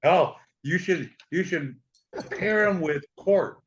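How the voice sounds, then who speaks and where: A man's voice: sits high, slow pace, muffled recording, slight background noise. A man co-hosting a casual live chat, joking around and laughing often. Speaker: co-host.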